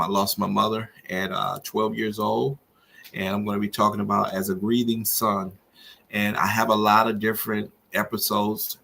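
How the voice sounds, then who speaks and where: Over a faint hiss or hum, a middle-aged host speaks in a low, gravelly, bright and forceful voice. His podcast monologue on grief and faith is earnest and sermon-like, lifting as emotion takes hold.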